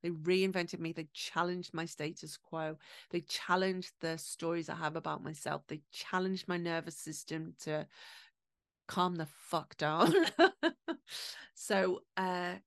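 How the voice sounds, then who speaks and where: A woman's voice: fairly low pitch, little pitch movement, no echo, clean studio sound. A middle-aged woman hosting a podcast, telling personal stories in a candid, emotional way. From England. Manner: emotional, candid, with swearing and quick asides. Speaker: podcast host. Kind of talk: personal storytelling monologue.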